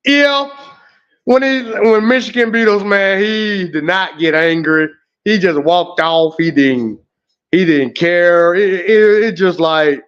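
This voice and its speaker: A man hosting an emotional live stream, animated, groaning and exclaiming as he talks. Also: high-pitched, clear, resonant tone, muffled recording. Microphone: home streaming setup.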